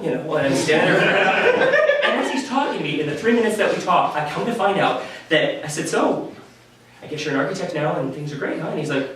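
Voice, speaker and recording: A man telling a personal story at a live story slam, candid and animated, laughing often. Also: fairly high pitch, fairly quick, slight background noise. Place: live venue stage. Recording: echoey room from a distant mic.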